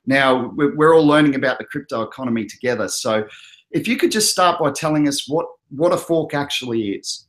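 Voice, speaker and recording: A man's voice: mid-range voice, lively intonation, brisk, a bit bright. An Australian man hosting an online show in easygoing, rambling casual chat, with frequent fillers and restarts. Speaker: host.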